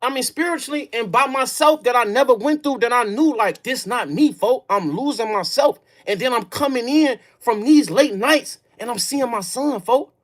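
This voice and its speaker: This man talks with a Chicago accent and tells a story on his stream. He speaks in casual, profane street slang, dropping "folk" and "bro" between phrases. He sinks into low brooding murmurs, then breaks into loud, raised outbursts. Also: moderate pace, few pauses. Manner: emphatic, profane street talk, peppers lines with "folk" and "bro". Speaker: livestream host. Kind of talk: casual storytelling to a live audience.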